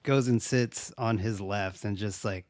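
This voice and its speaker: A man's voice: lowish voice, measured pace, darkish tone, no echo. Laid-back swearing man, dry close sound. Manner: laid-back, swears a lot, acts out quotes. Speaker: podcast co-host. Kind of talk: casual chat recapping a movie.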